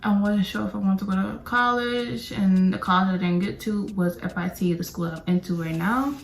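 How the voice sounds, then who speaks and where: A young woman tells a storytime while doing her makeup. She rants and rambles, jumping from point to point in a casual, animated way. Her mid-range voice bounces around an echoey room. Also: mid-range voice, normal speed, creaky. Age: young adult. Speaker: beauty vlogger.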